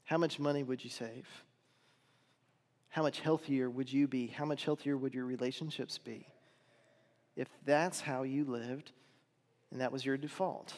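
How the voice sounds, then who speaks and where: A man's voice: medium pitch, steady tone, a little slow, long pauses, a little mellow. A middle-aged man preaching a sermon as a pastor, talking in an earnest, conversational way and asking the congregation rhetorical questions. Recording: long hall reverb.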